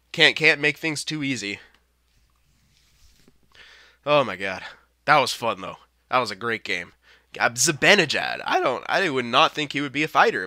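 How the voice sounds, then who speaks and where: A man giving casual, excitable commentary over his own hockey video game play, often swearing and laughing. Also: medium pitch, a little hiss or hum. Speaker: video game let's-player.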